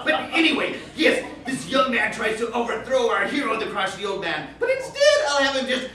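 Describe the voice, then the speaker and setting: A man playing a high-pitched, rambling Victorian author. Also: sing-song, fairly quick, heavily acted. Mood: eager. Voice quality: rambling, keeps repeating "yes, yes". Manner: eager, theatrical, bursts into shouts. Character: excitable Victorian male author pitching odd stories. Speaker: sketch comedy actor. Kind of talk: live stage sketch comedy. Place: theater stage with live audience. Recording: echoey theater, distant mic, audience laughter.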